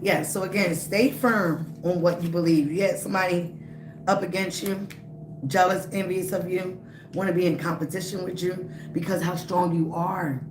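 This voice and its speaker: A woman's voice: fairly low pitch, steady tone, normal speed. A woman giving a live-streamed tarot reading. She talks emphatically and repeats herself, speaking straight to the viewer. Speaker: tarot reader. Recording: roomy, noisy background.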